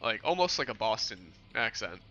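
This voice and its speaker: A young New York man streams a game and chats loosely with his viewers, rambling and fielding their questions. His voice sits fairly low, with big swings in pitch, a sharp tone, and an ordinary pace. The recording sounds muffled.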